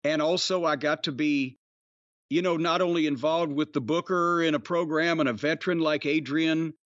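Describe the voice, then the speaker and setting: A man on a podcast telling rambling, profane stories in a casual, animated way. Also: fairly high pitch, normal speed, dry recording, dull audio. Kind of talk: casual storytelling chat.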